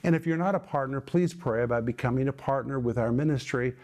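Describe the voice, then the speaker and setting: A middle-aged man teaching the Bible on television, speaking earnestly and building to forceful exhortation. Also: mid-range voice, quick pace. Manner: emphatic, rising to forceful exhortation.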